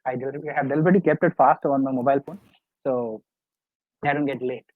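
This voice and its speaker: A man's voice: medium pitch, steady tone, racing, no echo. A middle-aged man, a life coach giving a live webinar lecture in an earnest, coaxing, repetitive way. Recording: dry, tinny phone-like online call audio.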